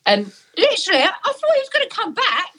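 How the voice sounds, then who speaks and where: A woman's voice: very high voice, huge pitch swings, fast, sharp tone, slight background noise. A middle-aged woman in a casual chat, telling a story with lots of laughter and acted-out voices. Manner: chatty storyteller, laughing often, acts out voices.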